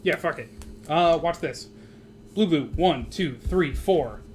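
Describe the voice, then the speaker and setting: Excitable man with a higher voice. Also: slow pace, slight background noise. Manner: excitable, laughs often, swears. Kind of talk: casual gameplay chat.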